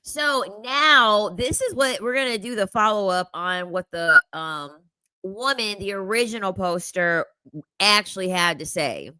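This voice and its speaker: A woman's voice: mid-range voice, unhurried, pushed and bright, clean tone, no echo. A young woman hosting casual reaction commentary, sassy and slangy, often breaking into laughter. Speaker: commentary host.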